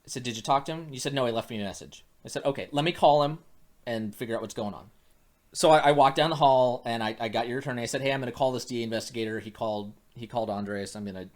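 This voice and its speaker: Talking fast in a medium-pitched voice, a private investigator relates a lengthy story in relaxed conversation. He animatedly performs the dialogue he's quoting, with many restarts along the way.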